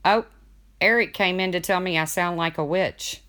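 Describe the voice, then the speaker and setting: A woman hosting a casual livestream, reading viewer comments aloud and chatting, with a deep voice people mistake for a man's. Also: normal speed, a bit bright. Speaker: livestream host.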